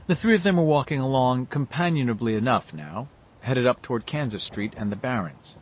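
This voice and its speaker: Husky-voiced male audiobook narrator. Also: mid-range voice, expressive, brisk, highs cut off. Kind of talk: scripted narration.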